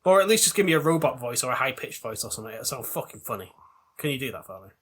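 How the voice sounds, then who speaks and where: Husky, lively podcast bloke. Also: male voice, medium pitch, rapid-fire. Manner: playful, swears a lot, laughs often. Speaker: podcast co-host. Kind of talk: crude comedic podcast banter.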